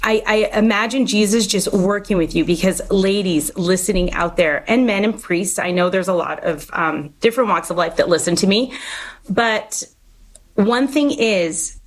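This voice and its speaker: A woman's voice: mid-range voice, unhurried, low-quality recording. Earnest woman hosting a faith podcast. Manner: earnest, preachy, encouraging. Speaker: podcast host. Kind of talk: faith-based interview chat.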